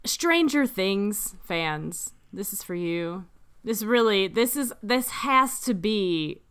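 A woman co-hosting a casual podcast with a lively voice that rises and falls widely. She reads out research notes and keeps breaking into laughter. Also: mid-range voice, slow pace, clear, resonant tone. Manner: laughs often, playful, does silly voices. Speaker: podcast co-host.

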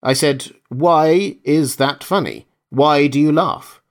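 A man's voice: medium pitch, expressive, normal speed, pitched above the performer's own voice, lightly acted. A man voicing a stiff, sullen male grandmaster who speaks sharply in clipped, pointed questions. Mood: stern.

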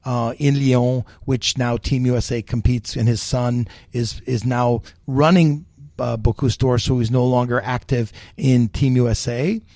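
A man's voice: medium pitch, a little slow, dry recording, studio quality. A middle-aged American man, a chef and guest, telling long stories with fillers and acted quotes. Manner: animated storyteller, many fillers, quotes others. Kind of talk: storytelling interview chat.

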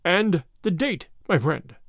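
Guy reading a soft hissy-voiced boss, cold and in charge, dry close sound. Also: high voice, big pitch swings, takes it slowly, no room sound, exaggerated voice. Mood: cool. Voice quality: soft, sibilant. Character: soft sibilant male conspiracy leader, cold.

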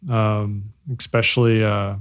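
A man being interviewed about his bike company, speaking reflectively with many pauses, fillers and restarts as he searches for words. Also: fairly low pitch, level tone, clear, resonant tone. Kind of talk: casual interview.

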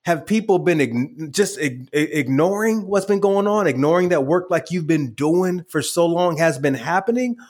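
Male podcast host, slightly high voice, lively and laughing. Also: moderate pace, few pauses. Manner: animated, laughs often, acts out quotes. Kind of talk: conversational interview.

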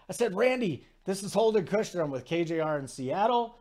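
A man in his forties hosting a sports talk show, telling stories in a rambling, animated way with lots of asides. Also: sits high, a little fast, few pauses. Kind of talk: casual sports talk monologue.

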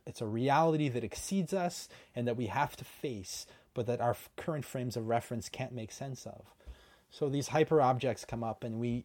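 Mellow-voiced thoughtful male co-host. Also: mid-range voice. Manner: thoughtful, restarts phrases, hedging. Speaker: podcast co-host. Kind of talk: casual intellectual conversation.

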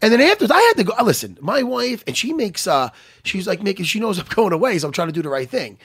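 A man's voice: high-pitched, very animated, fast talker, fairly bright tone, husky, no room sound, clean studio sound. A man, co-hosting a casual podcast chat, telling stories animatedly, laughing and swearing often. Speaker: podcast co-host.

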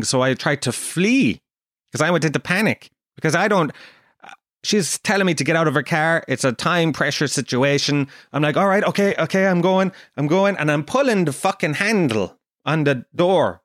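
Irish male podcast host, mid-pitched, animated storyteller who swears freely, dry room. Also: moderate pace, dry recording. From Ireland. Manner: animated storytelling, swears a lot, acts out quotes. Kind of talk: casual comedic monologue.

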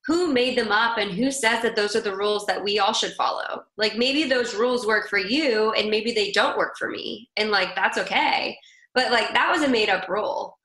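A woman's voice: medium pitch, moderate pace, pushed and bright. A woman guest telling stories in a chatty, casual way, with lots of "like" and "girl". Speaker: guest, country singer. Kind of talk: casual conversational storytelling. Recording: roomy echo.

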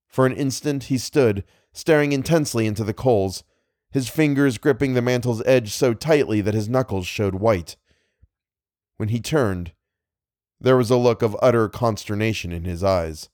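A man reads classic horror fiction aloud in a measured, dramatic voice at a middling pitch. The recording is dry and close, with no room sound. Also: darkish tone, dry recording. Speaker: narrator. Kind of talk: scripted horror fiction reading.

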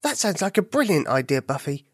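This is a sick, miserable male bunny in a bedtime storybook, with a stuffed-up, sniffly voice. He speaks wearily and quietly, a man acting him out, with a close, dry sound. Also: fairly high pitch, big pitch swings, fairly quick, husky, no echo. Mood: weary. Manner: weary, sniffly and subdued.

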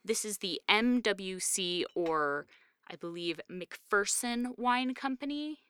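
Bright, clear-voiced woman chatting about wine. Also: medium pitch, animated, slow. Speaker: podcast co-host discussing wine and film. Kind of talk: casual chat.

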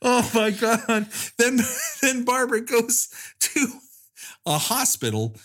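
Lively, sarcastic man recapping a movie. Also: very high voice, takes it slowly. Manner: profane, sarcastic storytelling with acted-out quotes. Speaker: podcast co-host.

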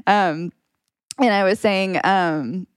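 A New York podcast co-host tells stories in casual chat, animated and laughing often. Her mid-range voice is slow and smooth, with clean studio sound and no room echo.

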